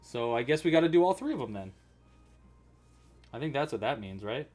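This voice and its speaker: A man of middle pitch chats easily while crocheting on a livestream, thinking aloud as he goes. His talk is relaxed and casual, with soft music faint in the background. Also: a little fast.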